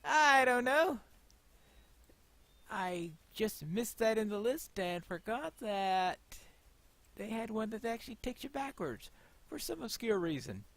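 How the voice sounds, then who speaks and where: A man's voice: high-pitched, big pitch swings, unhurried. A man casually commenting on his gameplay, chatty and wry, thinking aloud. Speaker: gameplay host.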